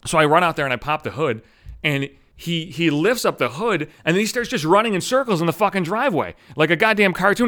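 Brief: male solo podcast host, cussing storyteller, voice sits a bit high. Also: animated, fast talker, fairly bright tone. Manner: profane, rambling, self-mocking.

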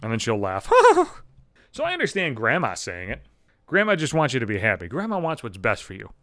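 Ranting fast with huge pitch swings, a Buffalo-area podcast host in his thirties goes on a profane, sarcastic, exasperated casual monologue. His medium-pitched voice is a bit bright, and the recording is dry and studio quality.

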